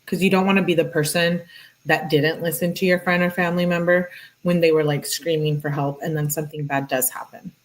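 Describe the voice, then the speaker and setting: A woman's voice: deep voice, fairly even intonation, fairly quick, low-quality recording. A woman giving casual, earnest true crime commentary, talking in a chatty way with lots of "like". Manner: chatty, heavy use of "like"; earnest, emphatic. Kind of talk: casual commentary while reading texts.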